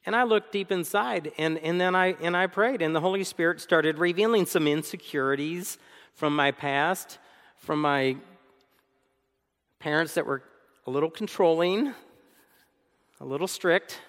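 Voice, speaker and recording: A man preaching a sermon as co-pastor, animated, acting out arguments and laughing often. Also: on the high side, measured pace, long pauses, long reverb tail.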